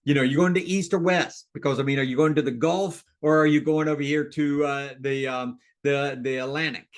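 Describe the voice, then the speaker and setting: A man coaching real estate agents in a webinar, talking in an excited, fired-up way with big rises and drops in his voice. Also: fairly quick. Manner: excited, fired-up delivery with big swings in pitch and loudness.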